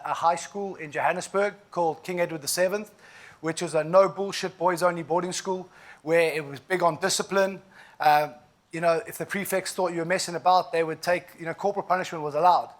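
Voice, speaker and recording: South African man telling his story on stage. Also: high voice. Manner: vivid, emphatic storytelling with frequent asides. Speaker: keynote speaker. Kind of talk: inspirational keynote storytelling.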